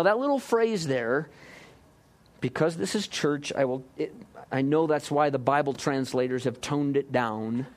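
A man preaching a sermon, lively, acting out voices and joking with the congregation. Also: on the high side. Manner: lively, acts out quotes, jokes with the congregation. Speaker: pastor.

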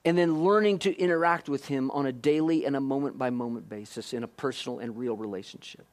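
A man preaching a sermon, questioning his listeners directly and moving between hushed and emphatic delivery. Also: medium pitch, quick pace. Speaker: pastor.

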